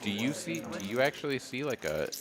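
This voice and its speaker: A mid-pitched male poker commentator, chatty and joking as he calls the hands. Card-room chatter murmurs behind him. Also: big pitch swings, brisk. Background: casino card room crowd.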